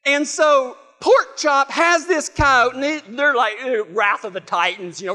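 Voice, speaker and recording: High, bright-voiced preacher telling folksy tales. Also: male voice, moderate pace, few pauses. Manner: folksy, humorous storyteller acting out voices. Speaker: pastor. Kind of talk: sermon with a storytelling opener. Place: church stage.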